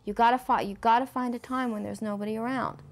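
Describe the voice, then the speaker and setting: A woman's voice: on the high side, steady tone, fast, natural voice. A woman voicing a harsh, cruel inner critic that taunts and goads. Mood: taunting. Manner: taunting, goading.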